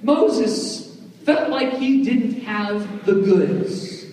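A man's voice: high voice, expressive, very slow, darkish tone, a little hiss or hum. A man preaching a sermon as pastor, conversational and joking, often checking in with "right?". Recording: echoey hall, voice from far off.

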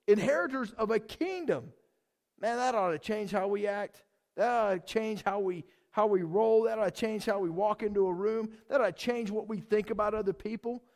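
A man preaching a sermon in a conversational, animated way, asking the congregation questions. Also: sits high. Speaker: pastor.

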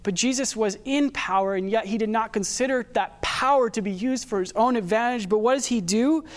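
A man with a high voice gives a sermon, preaching in a relaxed, conversational way. He mixes scripture with everyday stories from his own life. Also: fairly quick. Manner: conversational preaching with personal anecdotes. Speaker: pastor.

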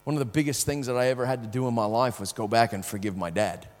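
Preaching a sermon, a man tells a personal story that swings sharply from hushed to loud, often repeating words as sentences begin. His medium-pitched voice is steady, he talks fast, and the recording has a long reverb tail.

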